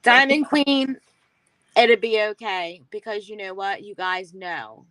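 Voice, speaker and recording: A woman's voice: mid-range voice, takes it slowly, a bit bright, no room sound, poor audio. A woman guest in a casual live-stream chat, talking in a chatty, reassuring way and laughing easily.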